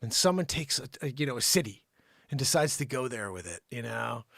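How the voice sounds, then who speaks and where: A man hosting an improvised comedy news segment, yelling at an unseen listener and then dropping to mutters. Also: medium pitch, lively intonation, brisk, vocal fry, dry recording, studio quality. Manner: yells at an unseen listener, swinging from shouts to mutters. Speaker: comedy show host.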